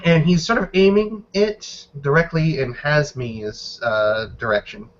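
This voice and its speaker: A man narrates a tabletop game as game master in a measured, descriptive way. His voice sits a little high. The recording is dull and lo-fi.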